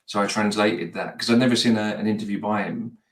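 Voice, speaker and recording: A man from the United Kingdom with a fairly low voice chats casually as a podcast guest, speaking at a quick pace. He rambles and hesitates, restarting often, and the roomy recording sounds like it came from a distant mic.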